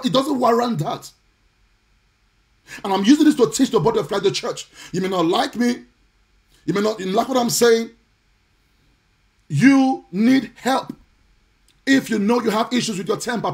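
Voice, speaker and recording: A man preaching on a live stream, indignant and forceful, repeating his points and sometimes slipping into a sing-song cadence. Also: high voice, lively intonation, brisk. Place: home or church, streaming live.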